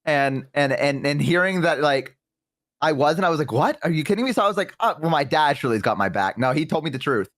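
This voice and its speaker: A man telling rambling stories in a casual chat, swearing and laughing loudly. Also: on the high side, animated, fairly quick, no echo. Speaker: guest on a stream.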